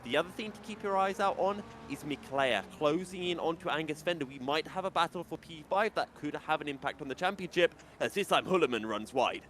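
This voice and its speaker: A man commentating a sim race, chatty and quick to laugh as he breaks down the running order. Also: a little high, expressive, a bit bright, a little hiss or hum.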